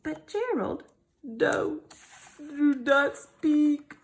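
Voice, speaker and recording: A woman voicing a cheerful, caring young pig in a children's storybook read-aloud, with a gentle sing-song manner. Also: high voice, lively intonation, extremely slow, a little hiss or hum, heavily acted.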